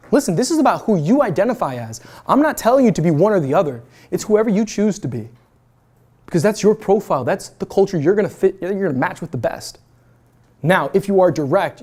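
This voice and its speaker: A young man in his twenties is talking fast to a room of students, his pitch jumping all over. He is brash and pumped up, and he swears freely as he coaches them. It is a lively motivational talk from a guest speaker. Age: 20s. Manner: energetic, brash, casual with swearing. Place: university event room.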